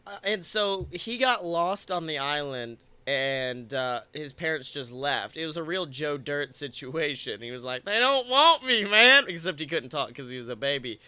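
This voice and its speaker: A man's voice: mid-range voice, moderate pace, hardly any pauses, sharp tone, smooth, no room sound. A young man, a podcast co-host, rambling through an improvised comedic story with playful, crude jokes.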